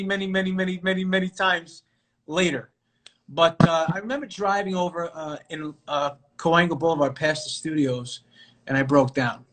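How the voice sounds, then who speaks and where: High-voiced man telling stories animatedly. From New York. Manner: animated storyteller with many fillers and restarts. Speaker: actor guest. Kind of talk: casual storytelling interview. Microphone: live video call.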